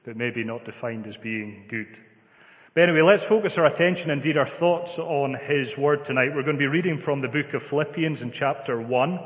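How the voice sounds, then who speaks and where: A Scottish man preaching a sermon and reading scripture in a measured, gently humorous way. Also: medium pitch. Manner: measured, gentle humour, reads scripture aloud. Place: church hall. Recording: phone-like sound in a long-reverb hall.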